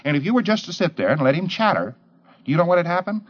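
A man's voice: sits high, big pitch swings, fast. A man giving a lecture to trainees, emphatic, firing off rhetorical questions and mimicking the people he talks about. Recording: dull lo-fi old tape.

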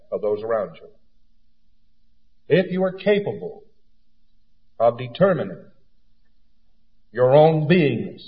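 A man giving a lecture in an emphatic, folksy way and acting out little anecdotes. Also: a little high. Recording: dull lo-fi recording in a reverberant hall.

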